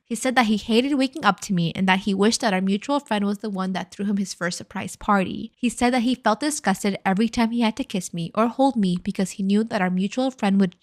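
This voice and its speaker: Woman reading a story post out loud, even and plain, normal pitch. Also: a little fast, few pauses. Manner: steady, plain reading with brief candid asides. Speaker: storytime narrator. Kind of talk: reading an online story aloud.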